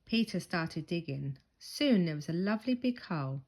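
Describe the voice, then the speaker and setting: A woman reading a children's picture book aloud, with expressive storytelling. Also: on the low side, normal speed.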